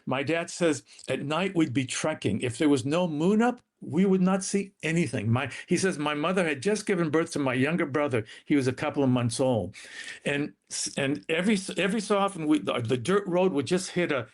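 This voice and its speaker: A man telling his family's story as an interview guest, earnest and dramatic, his voice rising and falling. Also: a little fast. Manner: earnest, dramatic retelling with shifting pitch.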